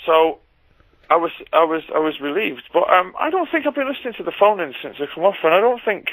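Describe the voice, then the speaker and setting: A middle-aged man from England, a guest on a radio show, chatting casually and halting with fillers and restarts. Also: high voice, sing-song, fairly bright tone, no room sound, rough recording.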